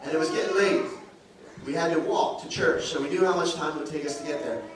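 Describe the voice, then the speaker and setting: A man preaching from the pulpit, his fairly high voice carrying through a very echoey church hall. He stands back from the mic, and a clear hum of room ambience sits under him. He tells stories and acts out the lines of the people in them. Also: fairly even intonation, fast talker, recorded from a distance. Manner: storytelling, acts out quoted dialogue. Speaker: pastor. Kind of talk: sermon. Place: church sanctuary.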